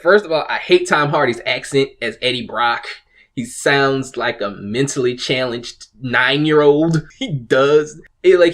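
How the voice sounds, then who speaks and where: A man's voice: mid-range voice, a bit bright. A man hosting a casual commentary video, rambling and swearing, with frequent restarts and laughs. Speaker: video host.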